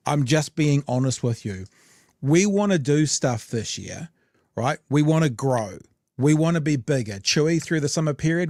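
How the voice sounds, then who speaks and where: A man's voice: medium pitch, a little mellow, dry recording, clean studio sound. A man hosting a casual political podcast, blunt and rambling with lots of fillers. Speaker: podcast host.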